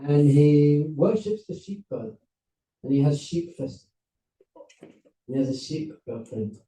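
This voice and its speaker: A man with a somewhat high but very dark, mellow voice lectures to a seminar crowd, telling a story with lively acted-out voices. He sounds some distance from the mic, in a roomy, echoing hall. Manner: animated, acts out characters with voices and laughs. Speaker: rabbi giving a seminar talk.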